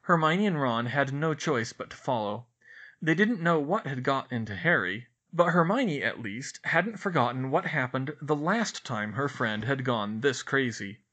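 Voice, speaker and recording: A man reading a novel aloud as an audiobook narrator, expressive and animated. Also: mid-range voice, unhurried.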